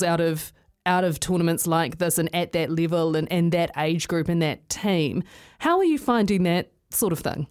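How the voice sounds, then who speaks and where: A woman hosting a sports radio show, interviewing a guest in a relaxed, conversational way. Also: fairly low pitch, clean tone.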